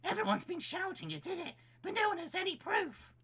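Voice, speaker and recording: A man's voice: very high voice, huge pitch swings, a little fast, sharp tone, voice pushed up, heavily acted. A man voicing an earnest, formal young schoolboy in a game read-along. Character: earnest schoolboy defending a classmate.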